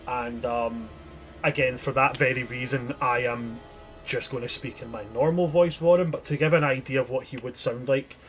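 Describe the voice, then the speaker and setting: A man's voice: medium pitch, steady tone, moderate pace, soft background music. A man narrating a tabletop game as game master, descriptive and chatty with frequent restarts.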